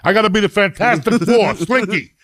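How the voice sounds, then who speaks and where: A man's voice: high voice, a little fast, fairly bright tone, no echo, clean studio sound. A middle-aged man, hosting a podcast and telling a profane, rambling comedic rant. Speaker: podcast host.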